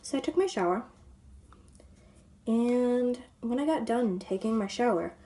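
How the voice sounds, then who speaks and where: A woman's voice: on the high side, expressive, unhurried. A woman vlogger telling a long story in a casual, rambling way, full of "like" and "you know", sometimes dropping to a whisper. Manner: drops to a soft whisper at times.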